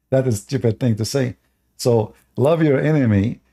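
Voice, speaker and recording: Man, blunt call-in host, dark mellow tone, repeats himself, dismissive. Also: mid-range voice, slightly rough. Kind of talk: live-stream debate talk.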